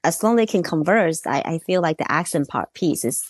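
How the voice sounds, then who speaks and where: A woman hosting a podcast interview, agreeable and quick with murmured backchannels. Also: low-pitched, animated. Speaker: podcast host. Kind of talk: casual interview chat.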